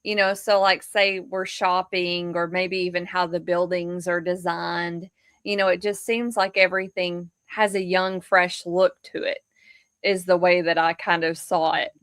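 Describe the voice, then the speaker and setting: A woman podcast host in casual conversation, encouraging her guest with quick affirmations. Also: fairly low pitch, level tone, fairly bright tone, clean tone, dry recording, studio quality. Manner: encouraging listener, brief affirmations.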